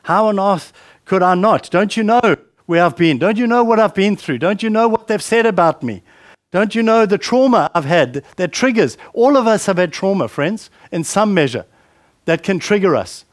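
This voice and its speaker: Preacher, male, high-pitched, chatty sermon delivery full of questions, dry recording. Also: expressive, moderate pace, dry recording. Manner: conversational, repeats words, asks questions.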